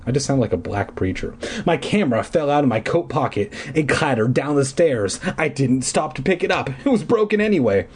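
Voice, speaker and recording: A man reads a story aloud with a husky voice that moves a lot in pitch. He reads in a playful way and adds jokes between the lines. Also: sing-song, fairly quick. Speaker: storyteller reading a book aloud. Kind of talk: joking read-aloud narration.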